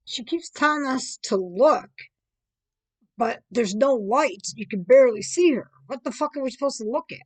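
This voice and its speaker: A woman's voice: fairly high pitch, expressive, normal speed, no room sound. A woman commentating on video clips in a sarcastic, dismissive way. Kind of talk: reaction commentary.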